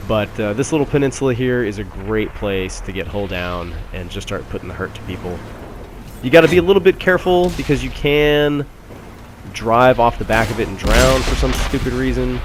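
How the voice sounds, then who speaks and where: Over gunfire and engine sounds, a gameplay commentator with a fairly low-pitched voice narrates a tank battle game in a casual, wry tone full of fillers. Some background noise is present.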